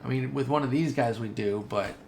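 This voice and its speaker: A man giving casual, chatty commentary over his own game playthrough, excitable and talking straight to his viewers. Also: mid-range voice, brisk, vocal fry, a little hiss or hum. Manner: chatty and excitable, says dude and y'all. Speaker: gaming video host.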